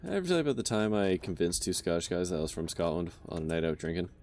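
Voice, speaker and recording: A man's voice: sits low, big pitch swings, quick pace, a little mellow. A young man chatting casually while playing a game, counting aloud under his breath and swearing now and then. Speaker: game streamer.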